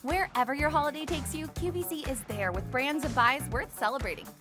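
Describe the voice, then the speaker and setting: A woman's voice: high voice, brisk. A woman announcer reading scripted channel promos in an upbeat, polished way. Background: music bed.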